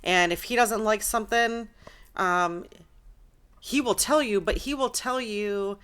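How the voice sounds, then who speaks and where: Smooth-voiced woman hosting an interview. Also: medium pitch, measured pace, fairly bright tone. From United States. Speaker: interview show host. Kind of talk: casual interview.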